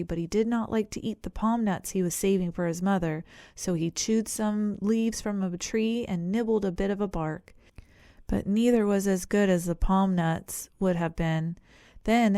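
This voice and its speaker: A woman narrating an animal storybook in a gentle, clear reading voice. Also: mid-range voice, no room sound, clean studio sound. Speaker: audiobook narrator.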